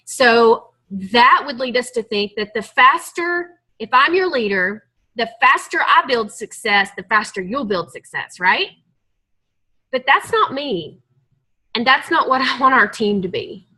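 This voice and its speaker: Woman, team leader, motivational call, emotional, earnest, bright tone, fairly high voice. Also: very animated, a little slow, husky, rough recording.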